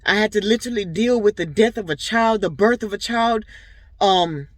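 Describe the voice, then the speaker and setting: A woman's voice: mid-range voice, moderate pace, no echo. A young woman vlogging in a casual, rambling way, speaking directly to her viewers. Her voice sits in a middle range. The sound is dry and close. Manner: rambling, earnest storytelling with many fillers; talks straight to her viewers. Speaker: vlogger and boutique owner. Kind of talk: casual personal vlog talk.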